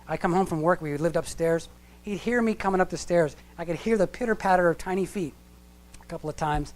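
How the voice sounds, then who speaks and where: A man's voice: sits high, brisk. A middle-aged man giving a lecture-style sermon in a church hall, talking conversationally with restarts and asides. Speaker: church speaker.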